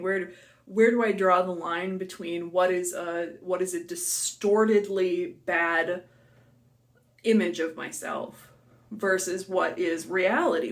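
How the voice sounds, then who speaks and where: A young woman talking candidly to her camera at home in a personal vlog, emotional and halting, at times tearful and out of breath. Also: on the low side. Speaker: vlogger. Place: home, kitchen and living room.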